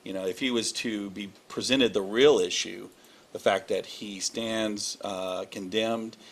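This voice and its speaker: A man's voice: lowish voice, fairly even intonation, measured pace. A man co-hosting a talk show, agreeable and chatty. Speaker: co-host. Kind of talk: casual talk show chat.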